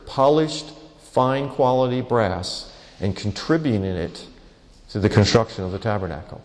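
A man's voice: lowish voice, animated, moderate pace, long reverb tail, low-quality recording. A man preaching a sermon, teaching through a passage verse by verse and acting out bits of everyday dialogue to make his point. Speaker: pastor.

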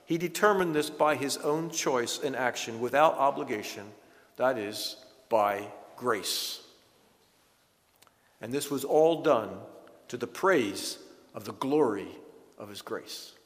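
A man preaching a sermon in an earnest, emphatic way, slowing down to stress key words. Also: mid-range voice, in a large hall. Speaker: pastor.

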